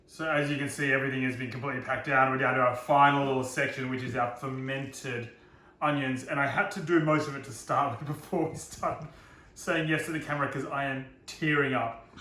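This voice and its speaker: A man's voice: mid-range voice, fairly even intonation, fairly quick, sharp tone, roomy sound. A man giving a casual cooking demonstration, chatty and self-deprecating, joking about his own slips.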